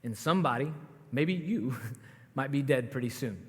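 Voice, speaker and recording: A man preaching a sermon as pastor, telling the story in a conversational, animated way with asides to the congregation. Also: medium pitch, normal speed. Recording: long hall reverb.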